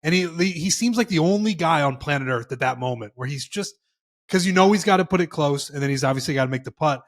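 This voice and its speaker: Young guy cohosting a golf podcast, voice on the high side, loose and animated, swears a bit. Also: fast. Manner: animated storytelling, swearing, quotes himself. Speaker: podcast co-host. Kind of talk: casual chat.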